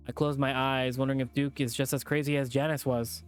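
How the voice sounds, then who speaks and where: A man's voice: mid-range voice, little pitch movement, a little fast, few pauses, clear, resonant tone, faint music behind. A man streamer reading a visual novel aloud as narration, with plain delivery and the odd off-script aside.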